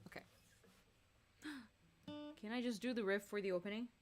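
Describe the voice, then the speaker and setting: A woman's voice: a little high, expressive, a little slow, over music. Chatty woman streamer between songs. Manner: chatty, laughing, reads viewers' messages aloud. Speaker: singer and streamer. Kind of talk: casual live-stream chat between songs.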